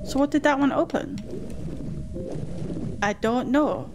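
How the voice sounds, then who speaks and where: A woman with a fairly high voice narrates her game at an unhurried pace, chatty and easily flustered, talking to herself and to the character on screen. Clear game music plays underneath her commentary. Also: animated. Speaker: gaming host. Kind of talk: let's play commentary.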